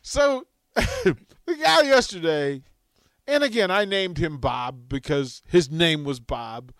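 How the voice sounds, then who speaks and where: A man's voice: fairly high pitch, expressive, takes it slowly, fairly bright tone, dry recording. A man hosting a talk radio show, telling a funny story with lots of laughter.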